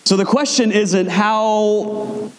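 A man preaching a sermon in a conversational way, acting out quotes with big swings in pitch. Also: steady tone, takes it slowly. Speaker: pastor. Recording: echoey hall with long reverb.

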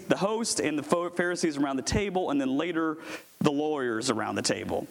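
Male pastor, high-pitched, lively, conversational sermon. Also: normal speed. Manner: lively, jokey, talks with the congregation.

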